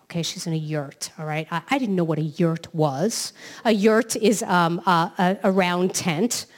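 A woman from New York City, a self-help author, giving an inspirational talk in a lively storytelling manner, often checking in with "right?". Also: on the low side, normal speed.

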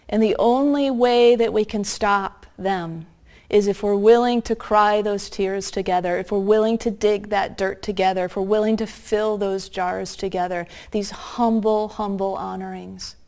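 A woman's voice: medium pitch, steady tone, a little mellow. Earnest woman preaching a story. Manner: earnest, slows down for emphasis. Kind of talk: sermon storytelling.

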